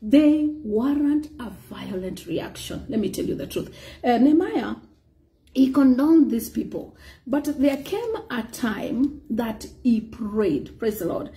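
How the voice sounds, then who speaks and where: Woman preacher; high, mellow voice; animated delivery with "praise God" asides. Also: slow. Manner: animated preaching, mixing in Swahili phrases and frequent "praise God". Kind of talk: sermon.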